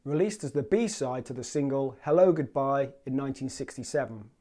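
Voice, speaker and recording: A man hosting a poetry channel, giving scripted commentary on song lyrics and reciting them in a measured way. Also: fairly high pitch, mellow. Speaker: host.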